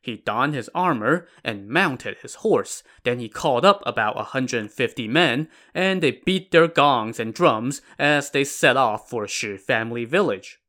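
Man narrating a story podcast, lively pitch, bright voice. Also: unhurried, few pauses. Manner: animated, playful storytelling. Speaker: podcast host.

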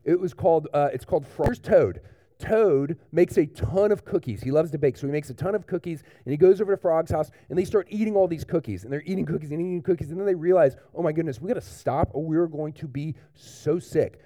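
A man preaching a children's sermon in church, telling a picture-book story in a lively, animated way to the young ones. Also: a little high, fast talker, no echo, studio quality. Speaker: pastor.

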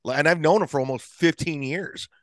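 A man's voice: on the high side, fairly quick, fairly bright tone, no room sound. A man hosting a casual podcast chat, laid-back, asking questions and laughing along. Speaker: podcast host, comedian.

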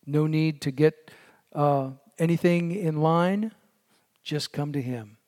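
A man preaching a sermon in an earnest way, his voice dropping to a hush on key lines. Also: on the high side, slow, in a large hall. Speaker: pastor.

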